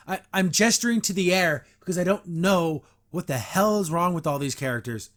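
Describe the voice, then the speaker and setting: A man's voice: high-pitched, moderate pace, a bit bright. A man hosting a podcast, giving a blunt, sarcastic, exasperated review of an episode in casual commentary. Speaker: podcast host.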